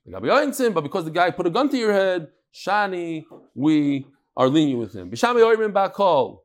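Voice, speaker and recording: Animated teacher, man. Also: sits high, a little fast. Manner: lively, sprinkles Hebrew and Yiddish terms, repeats words. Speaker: Talmud teacher. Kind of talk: animated Talmud class with storytelling.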